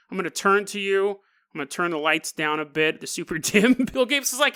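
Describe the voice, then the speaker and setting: A man's voice: a little high, animated, brisk, bright, forceful tone, clean tone. A male podcast host telling a story in a joking, rambling way, laughing often. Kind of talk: comedic storytelling.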